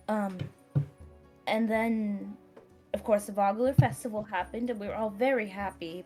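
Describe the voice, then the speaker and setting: Soft-spoken woman narrating her character. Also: medium pitch. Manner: soft, polite, gently halting. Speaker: tabletop game player.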